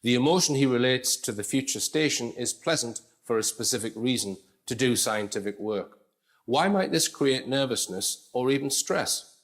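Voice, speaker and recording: A man's voice: medium pitch, animated, normal speed. A man presenting a lecture-style commentary, explaining step by step in a conversational way. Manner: conversational, explains step by step, frequent "okay" and "right".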